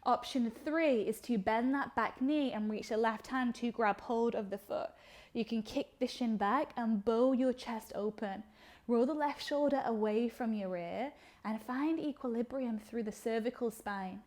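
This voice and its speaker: A young woman teaching a yoga class, giving calm step-by-step cues timed to the breath. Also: a little high. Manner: calm instructional cueing, slow breath-paced phrasing. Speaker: yoga instructor.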